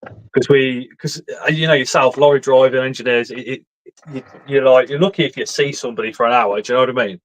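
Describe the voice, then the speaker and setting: A man's voice: mid-range voice, steady tone, quick pace, low-quality recording. A man in his forties hosting a casual live stream chat, joking and rambling as he talks.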